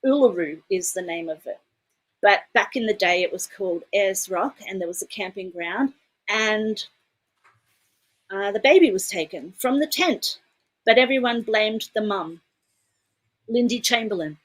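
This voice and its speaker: A woman's voice: medium pitch, expressive, unhurried, pauses often, a bit bright, poor audio. A woman from Detroit co-hosting a casual livestream chat, chatty and laughing often, with casual swearing. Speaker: co-host.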